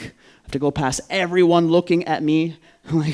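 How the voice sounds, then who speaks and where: A man, from Vancouver, telling a personal story on stage in an animated, profane way, acting out the voices. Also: on the high side, normal speed. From Vancouver, Canada.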